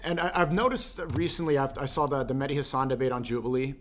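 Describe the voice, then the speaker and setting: A man's voice: medium pitch, fast, fairly bright tone. A man with a mid-range voice hosts a casual chat and stumbles through long, rambling questions. A faint hum runs under the recording. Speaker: podcast host.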